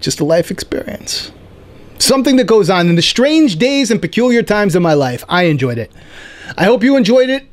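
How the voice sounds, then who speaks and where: Male podcast host, higher register, playful comic storyteller. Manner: animated, playful, quick asides like "right?". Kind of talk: casual storytelling monologue.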